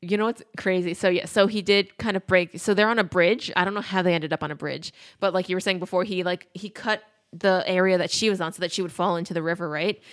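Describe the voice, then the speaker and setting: A young woman talks through a film scene by scene in a relaxed, wry co-host chat. Her voice sits a touch low for a woman, and she slips into acted-out quotes as she goes. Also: fast, few pauses. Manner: wry, chatty storyteller, acts out quotes. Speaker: podcast co-host. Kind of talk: casual chat recapping a film.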